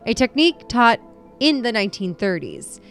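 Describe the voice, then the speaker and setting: Woman, podcast co-host, chatty and self-deprecating, quick to laugh. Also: on the high side, sing-song, a bit bright, soft background music. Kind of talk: casual true-crime podcast chat.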